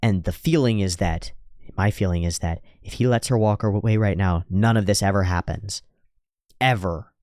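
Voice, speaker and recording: A man's voice: lowish voice, normal speed, a little mellow, dry recording, clean studio sound. A man hosting a reaction video, analyzing an anime scene and paraphrasing its dialogue with rhetorical asides.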